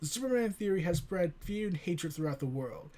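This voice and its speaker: A man voicing a calm, earnest male superhero who asks people to come together. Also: high-pitched. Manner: measured, earnest appeal.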